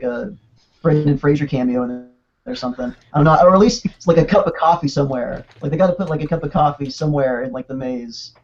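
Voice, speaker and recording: A man casually chatting on a podcast, excitable and rambling, with quick restarts. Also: fairly high pitch. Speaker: podcast co-host. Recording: dull lo-fi podcast audio.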